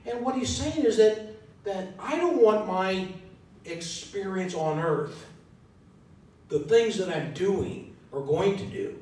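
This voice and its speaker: A man's voice: slow pace, darkish tone. A man preaching a sermon in a church, thinking aloud in a conversational way and asking the congregation questions. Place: church sanctuary. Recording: echoey hall from far off, faint rumble.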